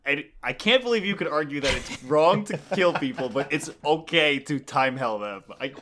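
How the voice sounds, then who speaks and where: A man's voice: a little high, expressive, moderate pace, background noise. A man co-hosting a podcast, arguing incredulously about a comic story. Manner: incredulous, argumentative. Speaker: podcast co-host. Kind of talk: casual comic book discussion.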